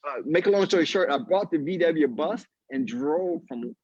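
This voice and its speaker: Lively high-voiced man telling a story. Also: moderate pace, breathy edge, dry recording. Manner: acts out quoted voices, laughs mid-story. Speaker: golf instructor, guest. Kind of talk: animated storytelling in a live video chat. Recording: dull lo-fi live stream audio.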